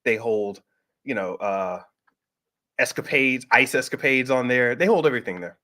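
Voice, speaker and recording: A middle-aged man telling a personal story in a casual, animated way, jumping up in pitch when he acts out what people said. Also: normal speed. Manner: animated, acts out quoted voices with pitch jumps. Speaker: host.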